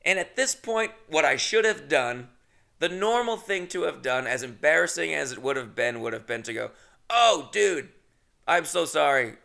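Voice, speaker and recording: A man's voice: a little high, lively intonation, moderate pace, vocal fry, sharp tone. A young adult man hosting a podcast, telling a rambling, comedic story about himself, swearing often and laughing at his own mishaps. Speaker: podcast host.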